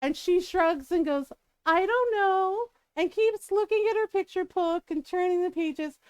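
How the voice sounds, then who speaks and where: A woman's voice: extremely high pitch, moderate pace, darkish tone, no echo. A middle-aged woman telling stories from home in a casual chat on her stream, laughing often and checking in with "right?". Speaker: streamer and mother.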